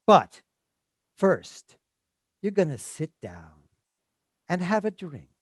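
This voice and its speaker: A charming male Hollywood producer, played by a woman, coaxing an old flame to stay. The voice is low yet lively and eager, sounding dry and close. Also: slow pace, slightly rough, no echo, heavily acted. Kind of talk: stage play read aloud.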